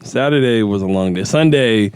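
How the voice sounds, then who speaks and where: A man's voice: lowish voice, moderate pace, a little mellow, smooth, no room sound. A man co-hosting a podcast, chatting with enthusiastic, slangy hype. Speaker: podcast co-host. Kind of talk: casual podcast chat.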